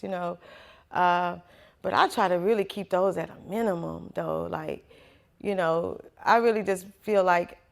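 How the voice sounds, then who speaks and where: A woman's voice: medium pitch, gravelly. A woman who owns a small business, giving a casual motivational talk to a class and acting out quoted voices as she goes. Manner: animated, acts out quoted voices, laughs often.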